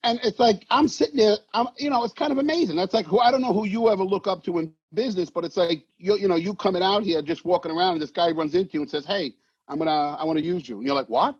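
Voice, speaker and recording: Animated New storyteller, husky voice. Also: male voice, high voice, quick pace, no echo. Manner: animated, swearing, acts out voices in anecdotes. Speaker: actor guest. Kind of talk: casual storytelling interview. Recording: dull muffled sound, dry.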